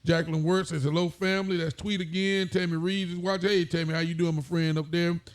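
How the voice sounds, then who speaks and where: A man's voice: on the high side, level tone, fast. A man, a sheriff hosting a casual talk show, greeting viewers by name in a folksy way.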